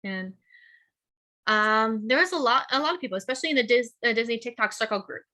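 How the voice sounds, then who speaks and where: A woman's voice: a little high, animated, pushed and bright. A woman guest in a casual interview, a teacher and cosplayer, talking in a bubbly, chatty way. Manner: bubbly, chatty, quick laughs.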